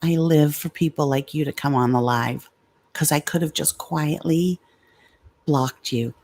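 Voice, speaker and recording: A woman's voice: deep voice, measured pace, darkish tone. A middle-aged woman hosting a casual livestream, blunt and confrontational with commenters, swearing freely. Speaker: livestream host.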